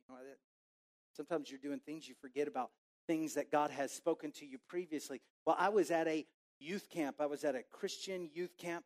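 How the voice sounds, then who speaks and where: A man in his forties from Texas, preaching a sermon through a lively personal story and acting out his own inner voice. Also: a little high, fairly quick. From Texas, USA. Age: 40s.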